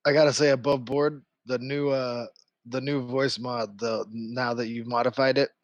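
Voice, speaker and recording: A player in a tabletop game, excitable, often laughing and swearing. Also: medium pitch, moderate pace, dry recording, dull audio. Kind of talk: casual tabletop game play.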